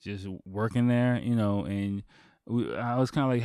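A man's voice: lowish voice, fairly even intonation, normal speed, a little mellow, clear, resonant tone, no echo, studio quality. A man hosting a podcast, telling a long story in a casual, rambling way, swearing freely and full of fillers and restarts. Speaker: podcast host.

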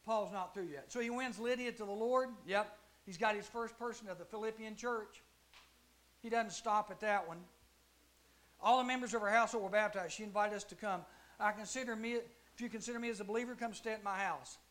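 Man teaching youth Bible class, bright, lively, acts out the voices. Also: sits high, brisk. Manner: animated storytelling with acted-out voices.

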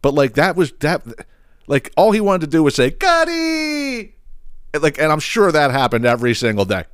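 A man's voice: fairly high pitch, fast, no echo, clean studio sound. A man hosting a podcast, ranting in a blunt, profane, exasperated way. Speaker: podcast host. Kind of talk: casual ranting commentary.

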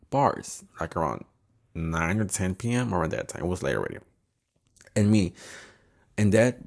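Young man, twenties, low voice, profane, chatty podcast host, switching. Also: a little mellow. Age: 20s. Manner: profane, chatty, switches between English and Spanish, laughs often. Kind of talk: casual storytelling monologue. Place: home.

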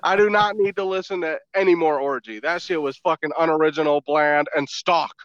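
High-voiced, scornful male co-host. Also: fairly even intonation, brisk, a bit bright, smooth, no room sound, lo-fi sound. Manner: blunt, scornful, heavy swearing. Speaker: podcast co-host. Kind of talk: casual music-review banter.

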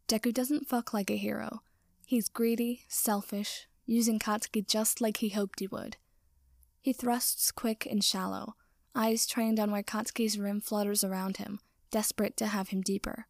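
Woman softly reading a story, half whispering, bit of vocal fry, dry close mic. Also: medium pitch, steady tone, no echo. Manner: soft, slow, often drops to a whisper. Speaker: narrator. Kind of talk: reading fan fiction aloud.

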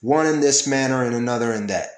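A man's voice: medium pitch, quick pace. A man teaching a casual Bible study, reading verses aloud and explaining them, often checking in with his listeners. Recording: echoey room with faint background noise.

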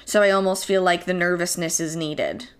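A young woman co-hosting a podcast in relaxed, casual chat. She sounds reassuring and laughs easily. Her sentences wander, filled with "like" and restarts. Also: fairly low pitch, moderate pace, clear, resonant tone. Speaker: podcast co-host.

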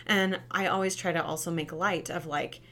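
Woman, 30s, parenting advice, chatty and animated, fairly low voice. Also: normal speed, slight background noise. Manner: chatty, animated, many "right?" tags. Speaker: parenting talk host, former teacher. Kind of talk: casual advice talk.

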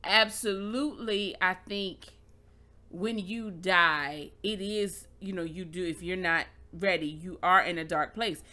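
A woman's voice: lowish voice, unhurried, sharp tone. A woman in a casual faith conversation, reasoning aloud and insisting on being heard.

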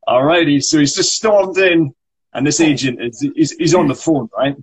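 A man's voice: on the high side, a little slow, husky. A Scottish man hosting a podcast in casual chat, often ending lines with tag questions. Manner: chatty, many tag questions. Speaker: podcast host.

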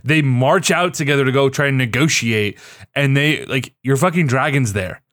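A man's voice: mid-range voice, normal speed, a bit bright, no room sound. Profane ranting man, dry close mic. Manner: ranting, heavy swearing, exasperated. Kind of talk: casual chat.

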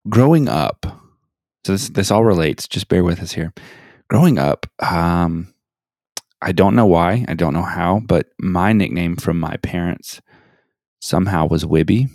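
A young man co-hosting a podcast in casual chat, speaking in a halting, self-conscious way with many restarts. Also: sits low, a little mellow, dry recording, studio quality. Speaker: podcast co-host.

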